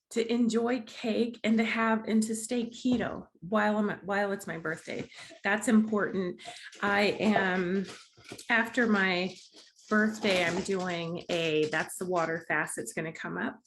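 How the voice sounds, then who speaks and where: A woman's voice: mid-range voice, a little slow. Bubbly, chatty woman vlogging. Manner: chatty and bubbly, laughs often, restarts sentences. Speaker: vlogger, host of a diet challenge series. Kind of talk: casual chat to camera.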